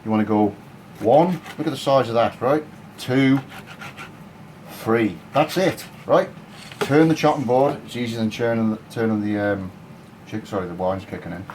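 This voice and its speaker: A man's voice: medium pitch, expressive, moderate pace, darkish tone, slight background noise, low-quality recording. A man giving a casual, cheeky and crude cooking demonstration in his home kitchen. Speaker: home cook.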